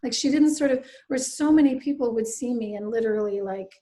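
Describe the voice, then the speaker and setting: Writer lady from nova scotia, middle-aged, kinda high voice, thoughtful and earnest, goes soft on the asides. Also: fairly quick. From Nova Scotia, Canada. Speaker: guest, writer. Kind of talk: candid personal storytelling.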